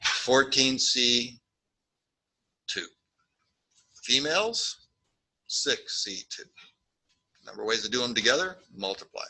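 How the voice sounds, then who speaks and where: Male statistics lecturer, sharp bright tone, playful classroom delivery. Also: medium pitch, slow pace, pauses often, rough recording. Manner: jokey, animated, acts out little scenes.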